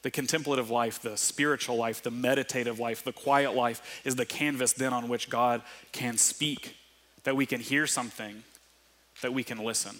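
A man giving a sermon as a pastor, in a conversational, animated way with quick asides. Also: mid-range voice.

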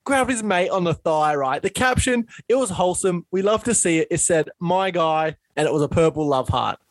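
A young Australian man co-hosting a sports podcast in loud, laughing, swearing casual banter. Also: high-pitched, animated, normal speed, no room sound. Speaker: podcast co-host. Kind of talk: casual chat.

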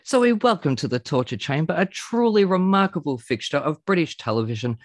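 A theatrical man hosts with a tenor that sits a touch high. He rattles through puns and wordplay with showman flair. The sound is dry and close, with no room at all. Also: lively intonation, brisk, dry recording. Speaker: podcast host. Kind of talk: pun-filled show introduction.

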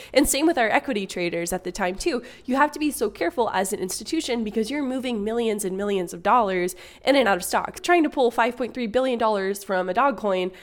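A young woman hosting a casual finance explainer, chatty with quick asides and a laugh here and there. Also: medium pitch.

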